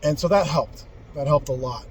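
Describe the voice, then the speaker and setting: A man's voice: a little high, normal speed, slight background noise, low-quality recording. A man in his forties casually telling a story from his youth, rambling and candid, with frequent swearing and restarts. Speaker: vlogger telling life stories.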